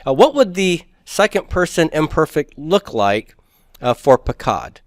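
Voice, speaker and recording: A man's voice: fairly high pitch, very animated, unhurried, no echo, clean studio sound. A man teaching a recorded grammar lecture, explaining step by step and putting questions to the class, with folksy asides.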